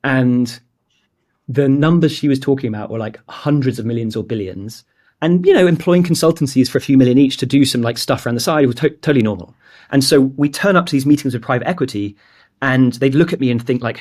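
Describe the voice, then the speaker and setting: A man's voice: medium pitch, fairly quick, darkish tone. A man in his twenties from England, telling a candid, rambling startup story in a casual interview. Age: 20s; late 20s. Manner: candid, rambling, heavy use of "like". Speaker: guest, startup founder.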